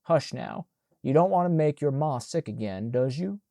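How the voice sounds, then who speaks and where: A man reads as a bossy old housekeeper woman in a storybook reading. Her voice sits raised and forceful over his own mellow tone. She talks in a broad Southern dialect, firm and no-nonsense. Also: fairly high pitch, animated, moderate pace, dry recording, studio quality. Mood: scolding.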